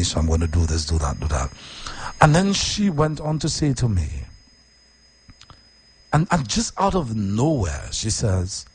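A man who hosts radio, talking casually about his week, deep-voiced when calm and emphatic with repeated phrases. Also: breathy edge. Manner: repetitive, emphatic, swings from quiet and low to high and animated. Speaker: radio host. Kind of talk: casual personal talk.

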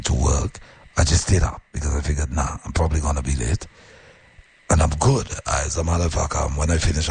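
A male radio host telling a story on air in an animated, earnest way and giving heartfelt, preacher-like advice to his listeners. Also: extremely low pitch, husky.

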